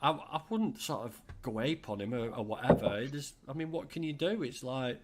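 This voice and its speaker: A man's voice: mid-range voice, normal speed, very noisy. A middle-aged man from England hosting a livestream, chatting casually and reading out viewer comments with jokey asides. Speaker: livestream host.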